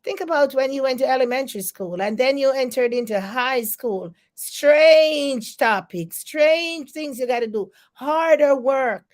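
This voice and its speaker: A woman's voice: sits high, expressive, measured pace, few pauses. A Jamaican woman giving a casual motivational live-stream talk, encouraging and repetitive, with many fillers. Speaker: motivational speaker.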